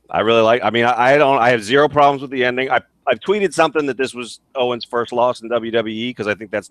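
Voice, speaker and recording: A man's voice: mid-range voice, fairly bright tone, no echo, studio quality. A man hosting a podcast in casual chat, hesitant and stumbling over his words, speaking into a headset. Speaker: podcast host.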